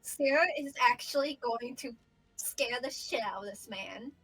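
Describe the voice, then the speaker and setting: Higher-voiced woman describing her character's moves. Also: measured pace, a bit bright, breathy edge, rough recording. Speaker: player. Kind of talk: casual tabletop game talk.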